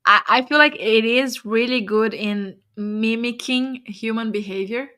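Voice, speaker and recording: Slow-talking bright-voiced woman. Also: a little high, smooth. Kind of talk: casual chat.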